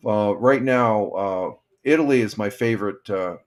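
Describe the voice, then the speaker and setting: Running a live stream, an older upstate New Yorker rambles and halts as he chats and reads out viewer comments. His voice sits on the low side.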